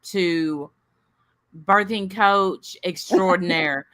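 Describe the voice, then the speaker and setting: A woman hosting a casual chat, telling a story with energy and loudly acting out what people said. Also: lowish voice, drawn-out words. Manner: animated, acts out quoted voices loudly. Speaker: host.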